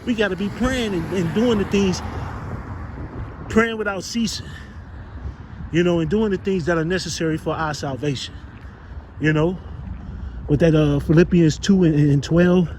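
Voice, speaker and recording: On a noisy outdoor street recording, a street preacher gives an informal exhortation to his brothers, rambling and cursing as he gropes for the words of scripture. His voice sits high with a darkish tone, moving at normal speed and pausing often.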